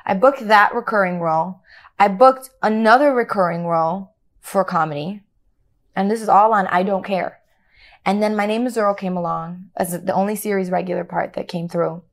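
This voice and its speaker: Middle-aged actress guest, animated anecdote teller, playful with quoted lines. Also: female voice, mid-range voice, normal speed. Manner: animated, acts out quoted dialogue, laughs often. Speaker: actor guest. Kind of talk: casual storytelling interview.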